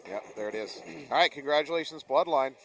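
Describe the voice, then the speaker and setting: A man calls paintball action as it happens, reacting quickly and teasing his co-host between plays. He sits back from the microphone, so his voice comes across slightly distant. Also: a little high, creaky, a bit bright. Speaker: play-by-play commentator. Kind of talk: live paintball commentary.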